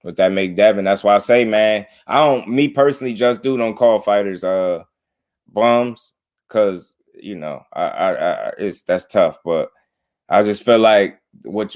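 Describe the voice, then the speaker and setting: Casting: low-voiced man, relaxed livestream host chatting with viewers. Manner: laid-back, laughing, talks to chat. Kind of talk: casual livestream commentary.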